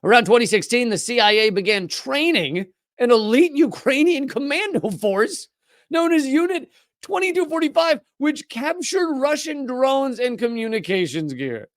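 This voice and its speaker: A man hosts a political commentary show, reading the news with sarcastic, mocking running asides and imitating opponents in whiny, high voices. His pitch swings widely at a moderate pace, and the studio-quality recording has no echo.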